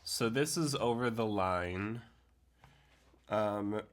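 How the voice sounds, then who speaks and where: Slow, low-voiced man teaching composition. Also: slight background noise. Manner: thinking aloud, many ums, speaks lines of the poem slowly in rhythm. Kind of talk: screen-share tutorial on setting a poem to music.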